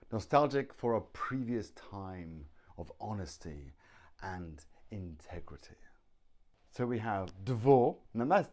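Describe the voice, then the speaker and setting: A man with a British accent teaching English pronunciation, speaking deliberately and repeating words to drill the sounds. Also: lowish voice. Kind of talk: pronunciation lesson.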